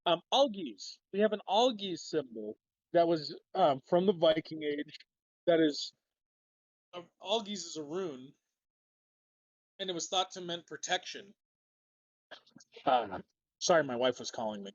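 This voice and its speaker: A man's voice: on the high side, lively intonation, unhurried, long pauses, dry recording. Minnesotan man on a muffled call. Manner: loose, profane, rambling. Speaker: guest. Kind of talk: casual livestream discussion.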